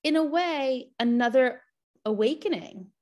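A woman guest in a podcast interview, animated and full of fillers, acting out the voices of people in her story. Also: sits high, unhurried. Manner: animated, acts out quoted voices; frequent fillers like "like" and "you know".

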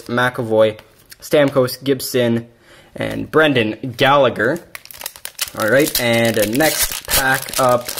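An excitable man runs through a stack of cards at an unhurried, drawn-out pace, reading each name aloud. His pitch sits right in the middle for a man, and he breaks into loud shouts whenever he pulls something big. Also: creaky, slight background noise. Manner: excitable, bursts into yelling over big pulls. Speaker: card-collecting YouTuber. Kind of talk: casual card-opening commentary.

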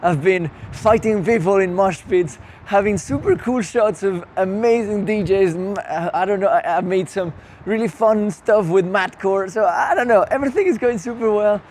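Excited young man with a cracking voice. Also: high voice, normal speed, slight background noise. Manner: excited, rambling with many fillers and restarts. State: losing his voice, cracking. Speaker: vlogger. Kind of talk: casual vlog to camera. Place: outdoor music festival at night.

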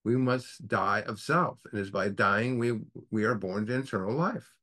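A low-voiced man leads a recovery group study, teaching with earnest, preacher-like conviction. He keeps turning to the group with rhetorical questions as he works through the text. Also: normal speed, bright, forceful tone.

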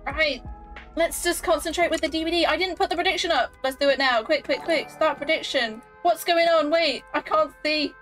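A woman with a high, slightly bright voice speaks at a moderate pace over soft background music. Streaming while she games, she chats casually with her viewers, often giggling and getting flustered as she talks to chat.

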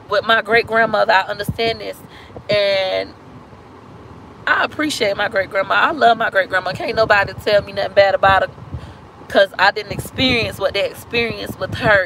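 A woman's voice: medium pitch, creaky, fairly bright tone, slight background noise, rough recording. A woman vlogger telling a painful family story on a live stream, blunt and emotional, with casual slang and cursing. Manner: talks fast in bursts, slows down on hurtful points.

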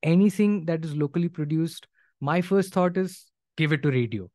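A man leading a panel discussion on a video call, measured and encouraging with frequent pauses. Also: fairly high pitch, a little mellow, dry recording, studio quality.

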